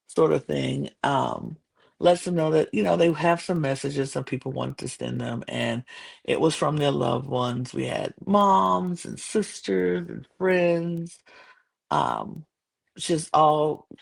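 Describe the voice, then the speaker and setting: A woman recapping a show on her podcast in loose, casual chat. Her voice has a gravelly fry. She rambles, with frequent fillers and restarts. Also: deep voice.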